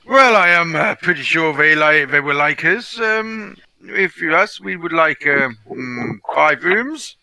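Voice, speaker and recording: A man's voice: a little high, lively intonation, unhurried, creaky, sharp tone, no echo. A man playing his character in a tabletop game, hesitant and overly polite. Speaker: player.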